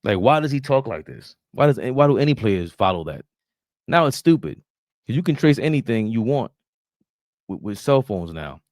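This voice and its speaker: A man hosting a basketball reaction show, reading a news report aloud, then riffing on it in an animated, mocking way. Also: mid-range voice, normal speed, no echo. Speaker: sports commentary host.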